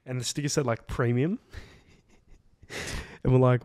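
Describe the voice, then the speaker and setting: A man's voice: mid-range voice, fairly even intonation, normal speed, long pauses, a little mellow, no room sound. A young man co-hosting a podcast tells a long travel story in a loose, rambling way. He fills his sentences with "like" and swears casually. His voice sits mid-range and sounds dry and close, with no room around it. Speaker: podcast co-host. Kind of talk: casual chat.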